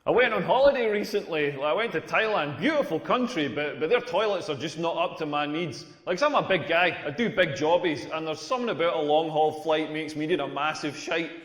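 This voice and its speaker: A man's voice: a little high, animated, a little fast, hardly any pauses, a bit bright. A Scottish man doing a crude, self-deprecating stand-up comedy set on a club stage. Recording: echoey room with long reverb.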